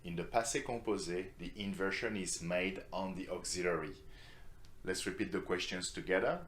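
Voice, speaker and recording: Deep-voiced man teaching a language lesson. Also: normal speed, fairly bright tone. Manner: clear, patient, repeats model phrases for learners to echo. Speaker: French teacher.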